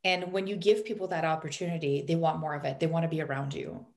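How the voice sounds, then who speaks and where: A woman's voice: low voice, steady tone, fast, darkish tone. A woman guest on a podcast interview, a business coach talking earnestly and repeating her key points for emphasis.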